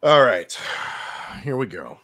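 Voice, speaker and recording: A man hosting a casual podcast, giving his football picks and swinging between loud remarks and muttered asides. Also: medium pitch, big pitch swings, takes it slowly. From Miami Dolphins fan. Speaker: podcast host. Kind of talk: casual sports picks chat.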